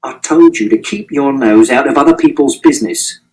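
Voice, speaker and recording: A man's voice: mid-range voice, moderate pace, a little mellow, recorded from a distance, close to an everyday voice, poor audio. A man reading the part of a stern, exasperated middle-aged father who scolds curtly and swears in anger.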